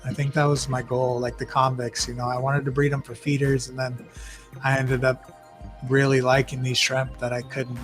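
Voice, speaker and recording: A man's voice: medium pitch, normal speed, faint music behind. Chatty man telling breeding stories. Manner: rambling, animated storytelling with acted-out quotes. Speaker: guest shrimp breeder. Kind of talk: casual livestream interview.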